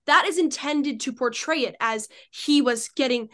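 A woman's voice: sits high, normal speed, a bit bright. A woman in a heated online debate, picking apart how events were worded, heard over a video call. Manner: argumentative, picks apart wording.

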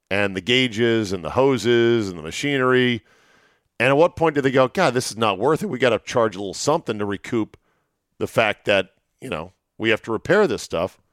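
A sports radio host delivers a solo talk segment, telling anecdotes in a chatty way with wry asides. His medium-pitched voice is wearing thin and going a little hoarse. The recording is close and dry, with no room sound.

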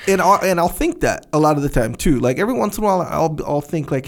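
A man's voice: a little high, animated, a little fast, creaky. Rambling, reflective male podcast co-host. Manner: rambling, many fillers and restarts, reflective. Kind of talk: casual podcast discussion.

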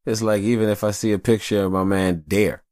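Deep-voiced man rambling on his podcast. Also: fairly quick, dry recording, studio quality. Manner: profane, rambling, animated storytelling. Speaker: podcast host. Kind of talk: casual rambling monologue.

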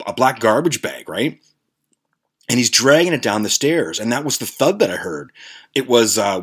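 A man hosting a podcast, telling a story casually in a profane, rambling way with lots of restarts. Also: fairly low pitch. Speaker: podcast host.

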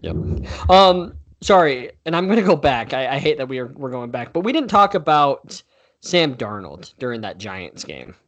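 A man co-hosting a casual sports podcast, chatty and quick to correct himself with apologetic asides. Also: mid-range voice, sing-song, a bit bright. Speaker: podcast co-host.

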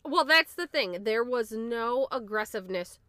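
A woman co-hosts a casual podcast, reacting in short, halting bursts and restarting her sentences often. Her voice sits fairly high. The recording is dry and close, with no room sound. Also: expressive, bright, forceful tone, no echo. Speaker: podcast co-host.

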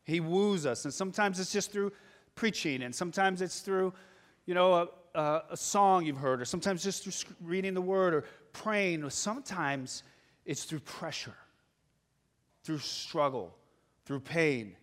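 A man's voice: high voice, expressive, measured pace. A male pastor preaching a sermon, earnest and building to urgent exhortation. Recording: long hall reverb.

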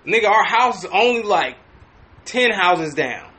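A man on a podcast casually telling a story, animated and profane, with frequent restarts. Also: high voice, a little slow. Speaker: podcast host.

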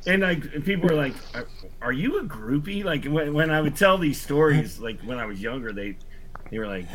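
A man's voice: on the high side, lively intonation, fairly quick, a crowd in the background. A man telling a long story in casual podcast chat, rambling with lots of "like" and restarts. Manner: rambling, full of "like" and restarts, acts out quotes.

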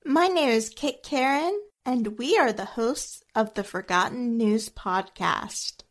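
A woman's voice: on the high side, takes it slowly. A woman co-hosting a podcast, playing mock jealousy in a short scripted comic skit. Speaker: podcast co-host.

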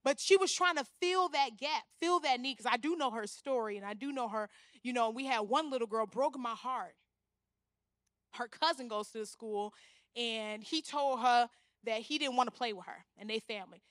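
A young woman preaching a sermon, animated, often acting out the voices she quotes. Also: on the high side, moderate pace, no room sound, studio quality. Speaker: guest speaker.

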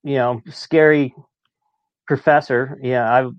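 A man in his late forties telling stories as a podcast guest, chatty and quick to laugh. His voice sits mid-range. The recording sounds a bit muffled and dry. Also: mid-range voice, fairly even intonation, smooth, dry recording. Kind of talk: casual storytelling.

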